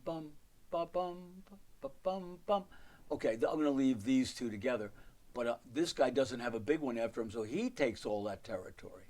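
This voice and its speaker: A man teaching piano in a live online lesson, counting beats and singing rhythm syllables as he explains, with rambling asides. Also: fairly low pitch. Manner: counts and sings rhythms aloud while playing, rambling asides.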